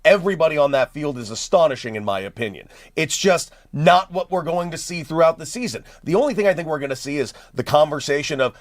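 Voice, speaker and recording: A man's voice: fairly high pitch, animated, quick pace, few pauses. A man arguing opinionated points on a sports talk radio show, emphatic and direct. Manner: emphatic, argumentative.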